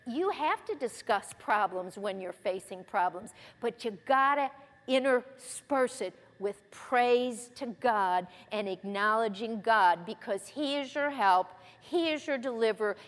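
A woman's voice: on the high side, animated, measured pace. A woman giving a folksy, conversational Bible teaching in a church hall, mixing scripture readings with personal stories. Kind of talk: sermon-style Bible teaching.

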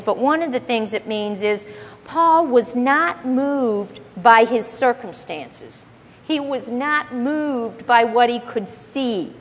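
A woman's voice: fairly high pitch, big-room sound. A woman teaching the Bible to a congregation, emphatic and explaining word by word, often asking the audience questions.

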